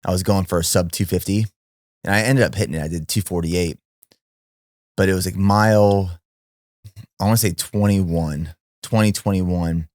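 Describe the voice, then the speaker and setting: Deep-voiced man asking relaxed questions. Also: moderate pace, pauses often, no room sound, studio quality. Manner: relaxed, curious, conversational questions. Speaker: podcast host. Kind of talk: casual interview questions.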